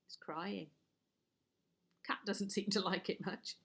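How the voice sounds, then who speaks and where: A woman reading a picture book aloud to children, expressive and slipping in chatty asides and whispers. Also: mid-range voice, takes it slowly, long pauses, slightly rough.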